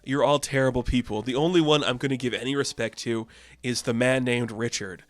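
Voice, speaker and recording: Guy acting out a blustering, rude grown man agent from a comic, loud and a bit higher than his usual voice, insulting everybody, very dry sound. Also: steady tone, brisk, no echo, close to an everyday voice. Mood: angry.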